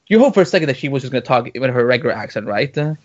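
A man co-hosting a casual podcast, talking in an animated, rambling way with lots of fillers. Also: medium pitch, rapid-fire, dull audio. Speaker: podcast co-host.

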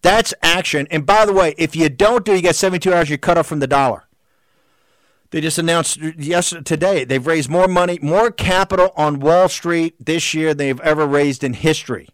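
A man speaks in a raised, combative voice, hammering the same questions again and again. His pitch sits a bit high for a man. The sound is close and dry, with no room around it. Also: normal speed, no echo. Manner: shouting, combative, repetitive rhetorical questions. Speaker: show host. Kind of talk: heated political monologue.

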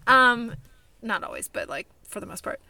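A woman's voice: fairly high pitch, wildly swooping pitch, moderate pace, creaky, pushed and bright, slight background noise. A young woman from California co-hosting a podcast, chatting casually with lots of fillers and laughs. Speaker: podcast co-host. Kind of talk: casual chat.

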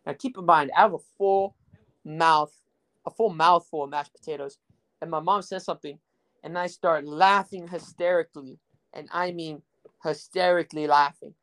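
A man's voice: a little high, steady tone, normal speed, fairly bright tone. Rambling young man telling stories. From Rio Grande Valley, Texas. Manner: rambling, crude, joking, full of fillers. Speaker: podcast host. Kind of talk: casual storytelling podcast.

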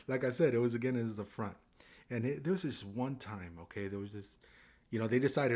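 Animated male storyteller from Southern California. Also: on the low side, quick pace. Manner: animated, acts out dialogue in changing voices. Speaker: guest. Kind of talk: casual storytelling.

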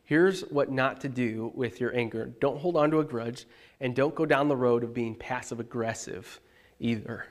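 A male pastor preaching in a relaxed, conversational way, his voice at an ordinary middle pitch. He is animated and emphatic, often leaning on words for emphasis as he speaks directly to the congregation. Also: normal speed. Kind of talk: conversational sermon.

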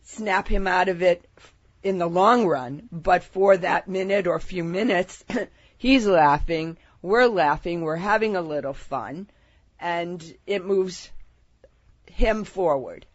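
A woman's voice: fairly low pitch, takes it slowly, dry recording, dull audio. A woman co-host sharing a personal story in a casual interview chat.

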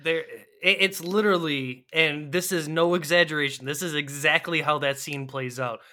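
A man co-hosting a casual, profane movie-review chat, animated and quick to laugh. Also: fairly high pitch. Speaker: podcast co-host.

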